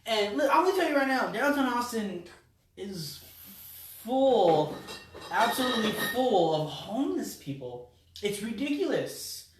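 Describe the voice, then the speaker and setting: A man's voice: extremely high pitch, big pitch swings, a little slow, far from the mic, slight background noise. Man telling a story, laid-back and crude. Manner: loose storytelling, lots of fillers and swearing. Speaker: podcast co-host. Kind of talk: casual podcast banter. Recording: echoey room, away from mic.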